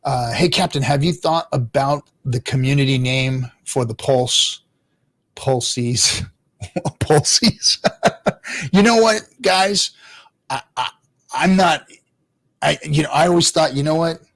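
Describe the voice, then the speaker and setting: A man who is a father hosts a casual livestream, reading chat and answering in a rambling, profane way. He laughs often and sometimes drops to low mutters. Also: slow, pauses often, a bit bright. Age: adult father.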